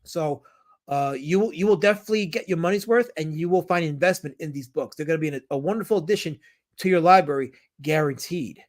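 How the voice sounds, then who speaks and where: A man live-streaming, reading chat comments aloud and talking about comics in an animated, jokey way. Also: a little high, brisk.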